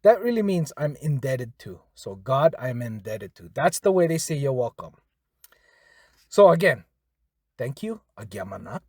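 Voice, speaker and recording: A man's voice: medium pitch, darkish tone, no room sound, clean studio sound. A man teaching a casual language lesson, patiently repeating phrases and spelling words out.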